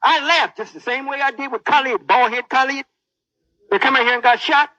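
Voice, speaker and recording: A man preaching with a very high, bright voice that swings up and down. He speaks in a boastful, menacing sermon. The sound is dry and dull, like an old lo-fi tape. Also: fairly quick.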